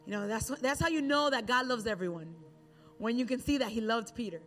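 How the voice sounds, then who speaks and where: High-voiced woman preaching conversationally. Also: a little fast, fairly bright tone, soft background music. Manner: conversational storytelling with acted Bible quotes. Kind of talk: sermon.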